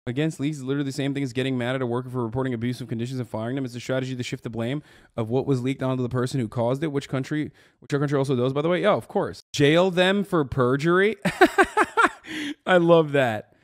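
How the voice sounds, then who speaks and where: A man's voice: medium pitch, steady tone, fast talker, no room sound, studio quality. A man in his thirties reacting to a video as a streamer, sarcastic and mocking, ranting with lots of swearing. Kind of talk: casual profane reaction commentary.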